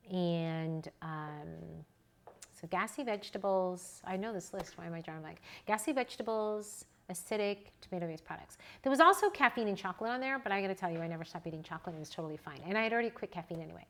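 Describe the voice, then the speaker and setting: A woman in her forties speaks with a mid-range voice, leaning into lively personal anecdotes. She talks casually to an audience, like a teacher sharing her own experience. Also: mid-range voice, fairly quick. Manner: animated, chatty, personal anecdotes. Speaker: newborn photographer and educator. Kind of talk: casual storytelling to a live audience.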